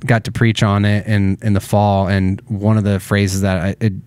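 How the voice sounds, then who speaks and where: A man's voice: fairly low pitch, flat delivery, normal speed, a little mellow, clear, resonant tone, dry recording. Rambling man on a church podcast. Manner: rambling, self-deprecating, many fillers. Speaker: podcast co-host. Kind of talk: casual church podcast chat.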